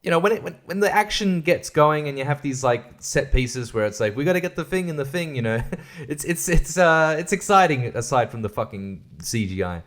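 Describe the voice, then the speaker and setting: A man's voice: medium pitch, very animated, normal speed, fairly bright tone. A man hosting a podcast, chatting casually about a film in a rambling, joking and profane way. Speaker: podcast host. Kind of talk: casual film-review chat.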